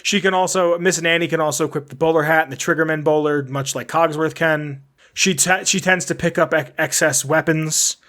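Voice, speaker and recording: Rambling, slightly high-voiced podcast man. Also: fairly even intonation, a little fast, fairly bright tone. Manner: rambling, laughs at own slips. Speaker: podcast co-host. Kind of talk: casual chat.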